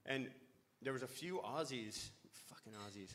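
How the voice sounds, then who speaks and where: A man's voice: mid-range voice, lively intonation, normal speed, heavy background noise. A middle-aged man spins a long story for a live panel. He rambles, loses his thread and swears casually along the way.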